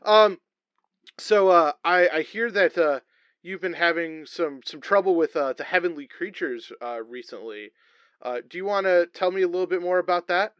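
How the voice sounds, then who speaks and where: A man's voice: high voice, normal speed, clear, resonant tone, dry recording, dull audio, pitched above the performer's own voice, close to an everyday voice. A man voicing a flustered male comedy wrestler who hosts a talk show, stammering and overly chummy in a tabletop game. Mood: fawning. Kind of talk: tabletop role-play voice acting.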